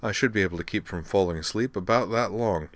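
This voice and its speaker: A man's voice: fairly low pitch, quick pace, dry recording, natural voice. A man voicing a dry, nervous young man. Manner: dry, hesitant.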